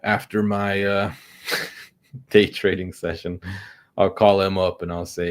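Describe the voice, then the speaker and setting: A man's voice: deep voice, steady tone, a little slow. A man streaming his day trading with sarcastic, joking asides while nursing a headache. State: suffering a headache. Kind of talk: casual livestream commentary.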